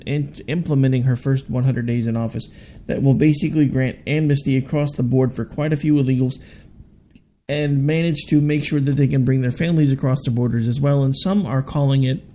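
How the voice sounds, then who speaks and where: A man's voice: medium pitch, gravelly, dark tone, slight background noise. A man hosting a political talk radio show, talking through his views in a conversational, hedging way. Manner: conversational, hedging, frequent restarts.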